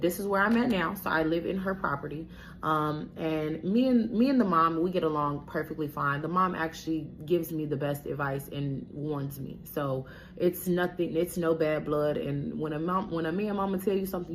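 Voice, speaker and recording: A young woman with a low voice tells her story straight to the camera, blunt and salty, cursing freely and calling out to her viewers. There is a faint hiss of noise under her voice. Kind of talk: casual storytime monologue.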